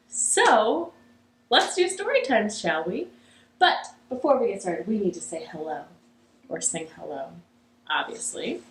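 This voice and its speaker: A woman's voice: lowish voice, reverberant, slight background noise, low-quality recording. A young woman hosting a children's library storytime from her living room, cheerful and encouraging, leading songs and games. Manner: cheerful, encouraging, sing-song.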